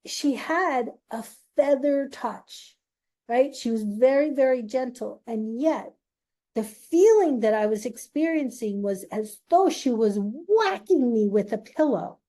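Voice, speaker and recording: A middle-aged woman hosting her own show, slowly and earnestly telling a personal story in a confiding way. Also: on the high side, lively intonation, warm tone. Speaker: host.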